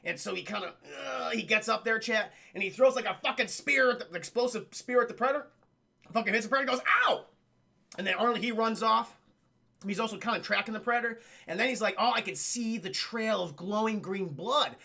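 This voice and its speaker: A man streaming a casual film recap, animated and profane, often talking to his chat. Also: high-pitched, quick pace, vocal fry.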